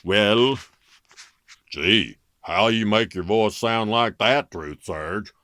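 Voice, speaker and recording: A man voicing a skeptical, folksy male commenter who drawls loudly and talks ungrammatically. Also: fairly low pitch, slow. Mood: mocking.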